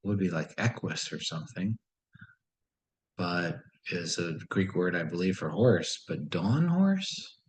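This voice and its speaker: A man's voice: deep voice, lively intonation, slow, rough recording. A man solving a word puzzle and thinking aloud in a casual, musing way, often questioning himself. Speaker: puzzle solver.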